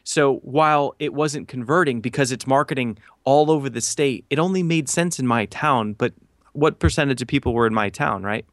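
A man in his thirties tells a story as a podcast guest, mid-pitched and animated. He acts out what people said and leans on fillers like "you know" and "like." The sound is dry and close. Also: moderate pace, dry recording. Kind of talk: casual storytelling.

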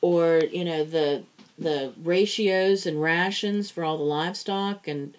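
A woman's voice: lowish voice, unhurried. A woman from Pittsburgh, a farmer and podcast co-host, chatting casually and restarting her sentences often. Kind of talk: casual chat.

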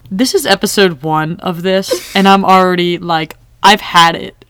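A woman's voice: on the low side, slow pace, clean tone, no echo, clean studio sound. Chatty young woman recapping a show. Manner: chatty, animated, quotes characters. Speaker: podcast co-host. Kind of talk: casual TV recap chat.

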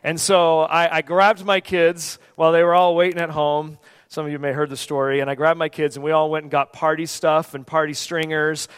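A man in his forties preaching a sermon in a church, conversational and emphatic, dropping to a hush at times. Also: on the high side, little pitch movement, fairly quick, clean tone, in a large hall. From United States. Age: 40s. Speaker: pastor. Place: church sanctuary.

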